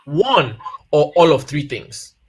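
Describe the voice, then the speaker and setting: A man's voice: fairly high pitch, very animated, takes it slowly, slightly rough. A man in his thirties or forties talking casually about family life, telling personal stories and repeating key points for emphasis. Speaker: guest speaker on family life.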